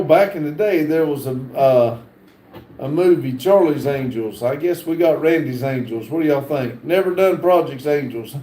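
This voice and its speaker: Male livestream host, high mellow voice, slow filler-heavy chat reading, echoey room. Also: a little hiss or hum. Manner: reads viewer comments aloud with many fillers. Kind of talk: casual live chat.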